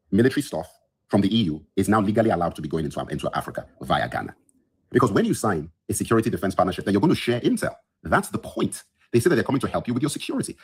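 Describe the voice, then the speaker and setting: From his bedroom, having just woken up, a podcast host vents into his phone in a heated solo livestream. His fairly low voice has a breathy edge, and he's indignant and emphatic, repeating lines for effect.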